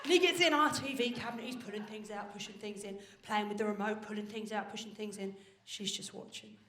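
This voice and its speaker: A woman's voice: mid-range voice, brisk, a bit bright. A woman performing a live stand-up routine, chatty and confiding, swearing casually. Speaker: stand-up comedian. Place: comedy venue stage with live audience. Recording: roomy live venue with audience noise.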